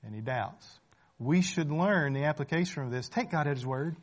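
Man, preacher, sermon, higher-pitched voice, rhetorical questions, repeats phrases. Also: lively intonation, moderate pace. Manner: rhetorical questions, often checking in with "right?"; repeats phrases for emphasis, conversational.

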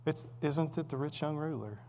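Man preaching, quick rhetorical questions. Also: a little high, slight background noise. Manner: swings between loud emphatic and quiet asides. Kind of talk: sermon.

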